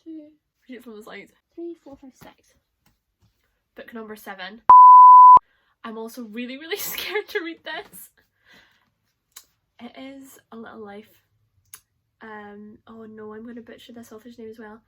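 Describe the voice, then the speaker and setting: A young woman vlogging about books in a chatty, excitable way, laughing often. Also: a little high, normal speed, long pauses, a little hiss or hum. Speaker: book vlogger. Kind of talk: casual chat to camera.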